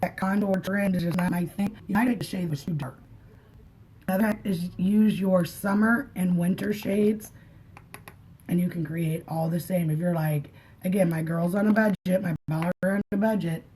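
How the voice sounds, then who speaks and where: A woman's voice: on the low side, normal speed, dark tone, slightly rough, low-quality recording. Chatty woman giving a makeup tutorial. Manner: chatty, friendly, talks to viewers as she works. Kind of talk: casual makeup tutorial chat, live with viewers.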